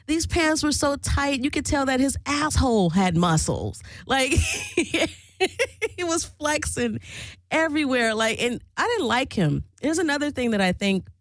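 A woman's voice: high voice, sing-song, measured pace, no room sound. Crude, laughing woman host, dry sound. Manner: crude, blunt, laughs often. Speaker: radio show host. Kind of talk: casual storytelling monologue.

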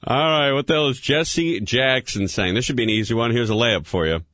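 A man's voice: mid-range voice, fairly quick, a bit bright, no room sound. A man hosting a call-in radio game show, casual and jokey, calling the callers dude.

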